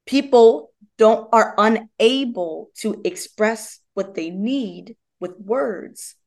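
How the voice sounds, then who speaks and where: A young adult woman who founded a movement method tells personal stories as a podcast guest, casual and animated, acting out the voices of the people in them. Her voice is a little high and her pace is slow.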